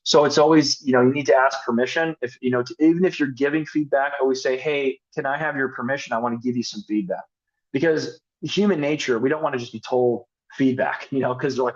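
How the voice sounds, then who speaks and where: With a fairly quick, higher-leaning voice and a recording missing its top end, a man leads a network marketing team through a casual pep talk on sales and building teams. He coaches with plenty of energy, playing out example dialogues as he goes.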